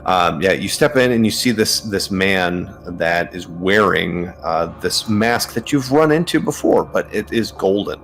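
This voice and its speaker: A man narrating a tabletop game as game master, relaxed and hesitant, with many fillers. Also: sits low, measured pace, hardly any pauses, slight background noise.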